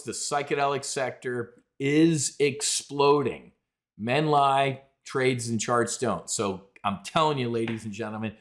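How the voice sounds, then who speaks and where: A brash middle-aged man runs a live trading stream, rambling through charts and trades. He keeps calling his listeners folks and ladies and gentlemen, with a voice of ordinary pitch. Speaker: trading show host. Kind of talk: live market commentary.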